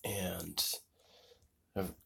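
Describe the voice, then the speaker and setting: A low-pitched man spins a long travel tale, jumping between tangents and swearing freely. He talks casually to the camera and keeps circling back to his point. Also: little pitch movement, extremely slow, creaky, husky. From United States. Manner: digressive, profane, loses his train of thought. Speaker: vlogger. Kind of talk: rambling travel story.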